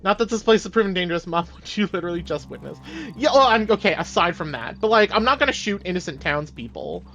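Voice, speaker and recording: A man streaming a game playthrough, reading the game's dialogue aloud in put-on British voices and reacting with excited swearing. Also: sits high, fast talker, a little hiss or hum.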